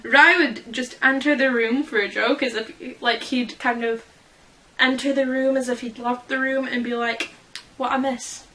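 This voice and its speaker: A woman's voice: on the high side, steady tone, moderate pace, bright, forceful tone, poor audio. A young woman vlogging casually as a fan, rambling and giggling at herself. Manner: giggly, rambling, self-deprecating. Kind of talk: casual chat.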